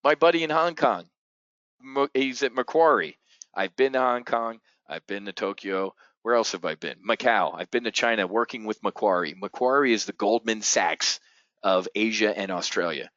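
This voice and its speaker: A man hosts a live market show in a blunt, profane rant that swings from loud outbursts to low mutters. His voice is bone-dry with no room sound, and the stream audio is dull and lo-fi. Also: normal speed, no echo. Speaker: trading show host.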